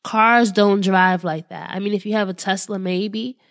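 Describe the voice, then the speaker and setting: A woman's voice: mid-range voice, steady tone, normal speed. Earnest woman hosting a motivational podcast. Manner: earnest, encouraging, conversational with fillers. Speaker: podcast host.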